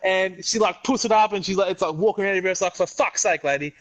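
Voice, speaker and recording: A young man with a slightly raised voice tells a casual story, stumbling over his words and restarting often. He sounds loose and relaxed, chatting with a friend. His pitch sits a little above the usual male range. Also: rapid-fire. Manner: hesitant, stumbling storyteller with frequent laughs. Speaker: podcast co-host. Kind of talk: casual chat.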